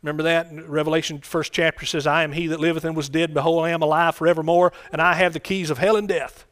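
A man's voice: fairly high pitch, level tone, fast talker, fairly bright tone. A man preaching a sermon in a conversational way, often repeating phrases and asking the congregation questions.

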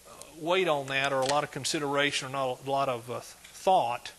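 Delivering a sermon at a brisk clip, this man has a medium-pitched voice and an emphatic style that alternates booming proclamations with quiet asides.

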